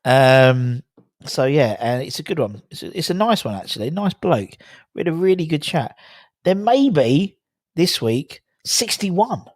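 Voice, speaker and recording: A man's voice: on the high side, sing-song, unhurried, no room sound, clean studio sound. A young man, hosting a casual livestream, reading the chat aloud and laughing at tongue twisters. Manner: chatty, laughing at tongue twisters, rambling with fillers.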